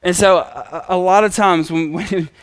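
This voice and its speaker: A man's voice: high-pitched, fairly even intonation, moderate pace, smooth, no room sound, studio quality. A man preaching a sermon in a conversational storytelling manner. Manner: conversational storytelling with acted quotes.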